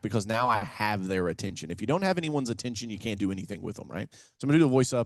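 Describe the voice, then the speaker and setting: A man's voice: medium pitch, fast, no echo. A man from Kentucky, a real estate investor guest on a casual podcast interview, telling stories energetically and acting out phone calls in a folksy way. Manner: energetic, animated storyteller who acts out phone calls; folksy, says "man" and "right?" often.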